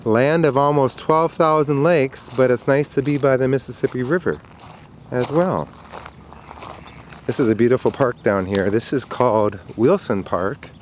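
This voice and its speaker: A man talks casually and at a middling pitch while he films a walk by the river on a handheld camcorder. He rambles along easily from one remark to the next. Faint outdoor noise sits behind him. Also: normal speed. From Minnesota. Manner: chatty, rambling, voice jumps high when calling the dog. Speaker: dog owner filming outdoors. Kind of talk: casual home video narration.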